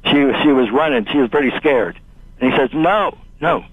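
A man calling into a radio show, telling a ghost story in a halting, hesitant way. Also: medium pitch, husky, no room sound. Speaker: caller. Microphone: telephone. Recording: dry phone line.

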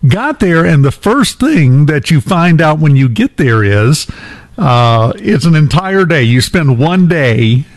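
A man with a fairly high-pitched voice hosts a morning talk show. He tells a long personal story in a relaxed, chatty way, full of small fillers and restarts. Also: slow pace. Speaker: radio show host. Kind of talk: casual anecdote telling.

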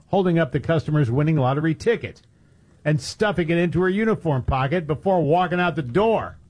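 A man co-hosts a talk radio show, his voice husky and a little breathy. He retells the day's news in a wry, sarcastic tone, trading banter with his partner. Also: fairly high pitch. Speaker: radio co-host. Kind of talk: casual radio chat, reading news stories.

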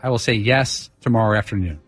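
A man's voice: fairly low pitch, quick pace, a bit bright, soft background music. A man on a sports talk show crew, cracking dry jokes in casual banter. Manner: dry, joking.

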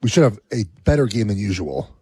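A man's voice: lowish voice, sing-song, quick pace, warm tone, breathy edge, dry recording. A male sports radio co-host riffing with mock sadness and heavy sarcasm. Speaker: radio co-host, former football player.

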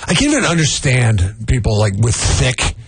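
A man's voice: mid-range voice, huge pitch swings, normal speed, slight background noise. A man co-hosting a morning radio show, rambling and stammering through casual banter. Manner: rambling, stammers, laughs easily.

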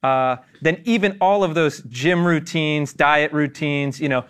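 A male panel guest laying out his opinions in measured, articulate commentary. His voice is smooth and clear, pitched a little high. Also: fairly bright tone.

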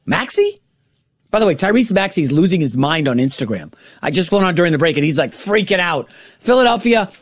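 A middle-aged fill-in sports radio host, his voice high, rambles excitably with quick self-corrections. He's in a radio studio, and the recording has no room sound.

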